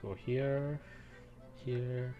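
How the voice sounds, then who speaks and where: A man's voice: mid-range voice, fairly even intonation, drawn-out words, dull audio, faint music behind. A man streaming a game, chatting casually and reading the text aloud with frequent self-corrections. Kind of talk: let's play commentary.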